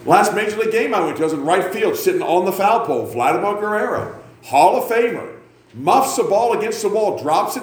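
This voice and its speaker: A man's voice: sits high, expressive, a little fast, reverberant. Rowdy preacher in his fifties. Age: 50s. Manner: loud, rowdy and self-mocking, with sudden shouts. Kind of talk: sermon. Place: church sanctuary.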